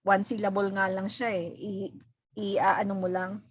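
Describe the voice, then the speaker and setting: A woman teacher with a Filipino accent, explaining grammar to an online class in a patient, halting way full of fillers and repeats. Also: medium pitch, flat delivery, slightly rough, no echo, poor audio. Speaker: English teacher. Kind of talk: online class lesson, mixing English and Filipino. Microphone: video call.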